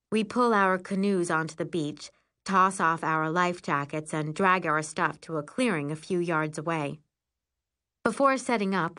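A woman narrating a first-person storybook in an expressive, lively way. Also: lowish voice.

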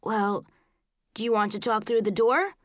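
A woman's voice: mid-range voice, moderate pace, no room sound, clean studio sound, natural voice. A woman voicing a kind uncle who patiently coaxes a child through a closed door, in a storybook reading. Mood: gentle coaxing. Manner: patient, coaxing. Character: kind gentle uncle, adult man.

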